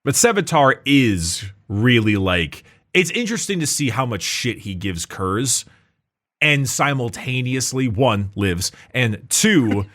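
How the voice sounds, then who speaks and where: A man's voice: mid-range voice, sing-song, takes it slowly, a bit bright. A man in casual podcast chat, rambling with lots of fillers and restarts, laughing often. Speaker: podcast co-host.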